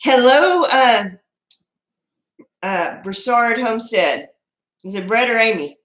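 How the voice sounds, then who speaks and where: A woman's voice: fairly high pitch, animated, takes it slowly, a bit bright, echoey room. A woman from Texas with a Texan accent, hosting a casual live chat and answering viewer comments in a chatty, proud way. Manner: chatty, proud, laughs often, restarts sentences.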